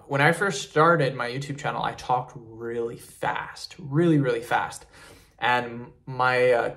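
Guy with a gravelly creaky voice chatting tips to camera, laid back, lots of "you guys". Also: medium pitch. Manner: relaxed, rambling, says "you guys" and "um" often. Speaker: fitness YouTuber. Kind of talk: casual talking-head tips video.

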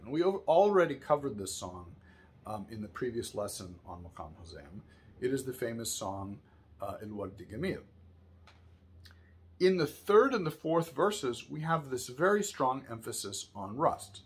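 A man's voice: medium pitch, slightly rough. A man teaching a music lesson, patiently explaining and counting scale degrees aloud.

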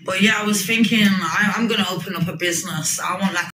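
A woman's voice: medium pitch, quick pace, reverberant, background noise. A woman in her forties rambling on a livestream, boastful, swearing and erratic. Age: 40s.

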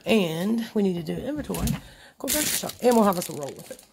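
A folksy woman with a Midwestern American accent chats her way through a home vlog, slightly out of breath. Her voice swings lively up and down as she talks to her dogs and her viewers, with a faint hiss in the background. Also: medium pitch, quick pace, gravelly. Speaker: vlogger. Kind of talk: casual vlog chat. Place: home kitchen and yard.

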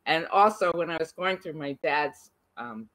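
Woman in her 60s with a bright, crisp voice, telling family stories with lively animation. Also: deep voice, normal speed, low-quality recording. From United States. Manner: lively, animated storytelling with laughs and restarts. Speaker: interviewee. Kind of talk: recorded conversation between siblings.

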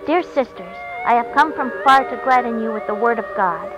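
A woman's voice: a little high, lively intonation, normal speed, over music, close to an everyday voice. A woman voicing a pompous male saint who preaches to nuns, recorded on a dull lo-fi track. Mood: solemn. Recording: dull lo-fi recording, faint hiss.

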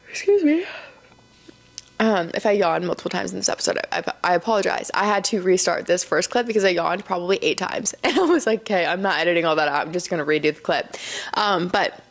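Young woman, solo podcast host, casual and tired, gravelly fry, chatty with fillers. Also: lowish voice, quick pace. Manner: chatty, filler-heavy, laughs often. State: tired, yawning. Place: seated indoors.

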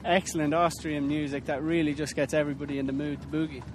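High-voiced man quipping dryly. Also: little pitch movement, fast, noisy background. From Germany. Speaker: fellow traveller, roommate. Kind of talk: casual travel chat.

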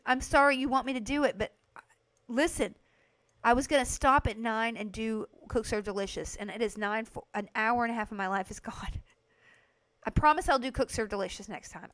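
A woman livestreaming a game, chatting to her viewers in a chatty, gushing, excitable way. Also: a little high, no room sound. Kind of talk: casual gameplay commentary to chat.

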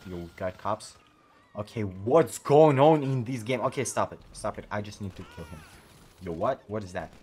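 Excitable man narrating his gameplay. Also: lowish voice, breathy edge. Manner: excitable, frequent exclamations and slang. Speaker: gaming YouTuber. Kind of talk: let's play commentary.

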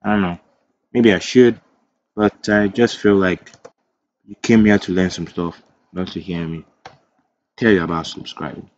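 A man's voice: sits low, fairly even intonation, a little slow, pauses often, muffled recording. A man teaching web development in a screen-recorded coding tutorial. He thinks aloud as he types, corrects himself, and drifts into chatty asides.

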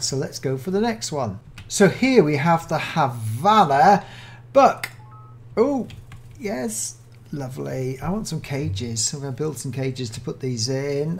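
A British-accented speaker walks through a game mod in casual commentary, gushing over everything with gasps and excited oohs. The voice has a gravelly, creaky edge and sits at a middle pitch. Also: a little hiss or hum. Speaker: Minecraft mod showcaser.

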